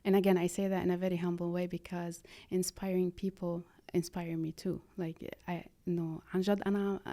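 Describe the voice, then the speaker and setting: A woman, speaking earnestly and haltingly as a podcast guest, slipping in phrases. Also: fairly low pitch, flat delivery, mellow. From Lebanon. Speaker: guest, art therapy practitioner. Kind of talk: conversational podcast interview.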